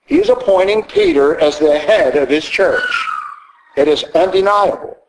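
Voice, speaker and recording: A man's voice: fairly high pitch, huge pitch swings, normal speed, vocal fry, background noise. A man with a Southern American accent preaching a sermon, emphatic and teacherly, often asking rhetorical questions.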